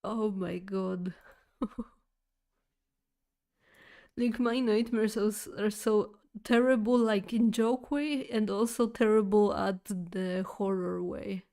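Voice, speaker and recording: A woman's voice: mid-range voice, fairly even intonation, slow, warm tone. A woman streamer chatting casually with her viewers, rambling through a story with lots of fillers, restarts and giggles. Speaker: streamer talking to chat. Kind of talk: casual chat, telling a nightmare story.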